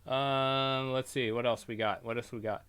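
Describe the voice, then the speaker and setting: A man's voice: medium pitch, little pitch movement, quick pace, no room sound. A man hosting his own solo podcast from his basement, rambling, mocking himself and swearing freely. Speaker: solo podcast host and YouTuber. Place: home basement.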